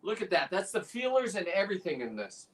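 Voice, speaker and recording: A guest on a fishing livestream rambles casually while demonstrating how he prepares a lobster. His high-pitched voice is very animated and a little fast, picked up from a distance away from the mic.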